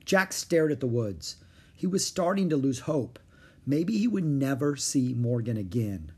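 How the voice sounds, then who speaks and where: A man reading a children's chapter book aloud in an expressive storytelling way. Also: mid-range voice, a little slow, slightly rough. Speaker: storybook reader.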